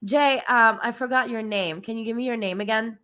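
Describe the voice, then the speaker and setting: A woman's voice: on the high side, brisk, a bit bright. A woman hosting a spiritual livestream, chatting casually and giggling often, with lots of fillers. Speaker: livestream host and spiritual reader.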